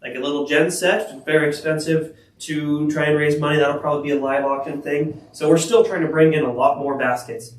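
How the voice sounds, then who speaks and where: A man's voice: fairly high pitch, steady tone, brisk, hardly any pauses. A male radio co-host chatting casually and chiming in with jokes. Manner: jokey, interjecting sidekick. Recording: roomy, distant mic with faint noise.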